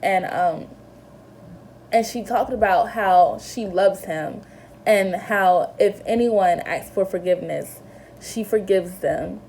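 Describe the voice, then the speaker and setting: A woman's voice: mid-range voice, takes it slowly, darkish tone, a little hiss or hum. A young woman vlogger telling a personal story in an earnest, emotional way, with lots of fillers and restarts. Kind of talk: casual storytelling to camera.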